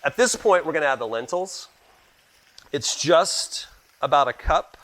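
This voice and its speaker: A man's voice: fairly high pitch, expressive, unhurried, fairly bright tone. A man cooking on camera as a guest cook, chatty and explaining each step while calling the viewers "guys". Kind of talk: cooking demonstration.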